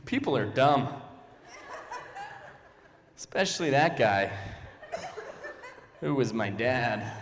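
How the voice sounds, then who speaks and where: A young adult man performing a stand-up comedy set and slipping into quick silly character voices. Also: medium pitch. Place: church hall, live audience. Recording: long hall reverb.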